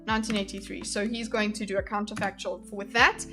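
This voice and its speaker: A woman's voice: medium pitch, flat delivery, fast, music in the background. A woman streamer giving casual commentary on a debate clip, thinking aloud with many fillers and restarts and replying to her live chat. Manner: reads and answers live chat.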